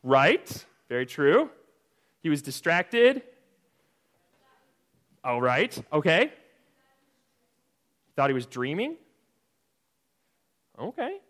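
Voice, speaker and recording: A man with a high, very lively voice that jumps all over as he teaches a children's Bible lesson. He tells the story in a playful, jokey way and keeps calling on the kids to join in. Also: very slow, pauses often. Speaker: Sunday school teacher.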